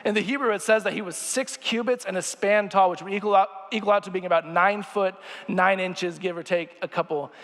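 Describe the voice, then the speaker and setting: A young male preacher with a fairly high voice gives a relaxed, joking sermon and keeps checking in with the crowd. His voice rings out with the long reverb of a large church sanctuary. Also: a little fast, few pauses. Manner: chatty and jokey, asks the crowd questions. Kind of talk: casual sermon.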